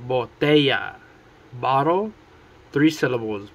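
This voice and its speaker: A man teaching Spanish words at a board, repeating each one slowly and deliberately. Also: mid-range voice, fairly bright tone, a little hiss or hum. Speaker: Spanish tutor.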